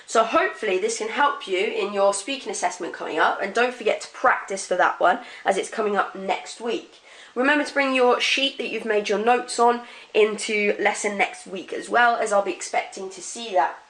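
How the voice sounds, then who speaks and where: A woman, a French teacher explaining pronunciation rules to her students and modeling the words slowly. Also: medium pitch, fairly bright tone, rough recording. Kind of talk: classroom lesson video.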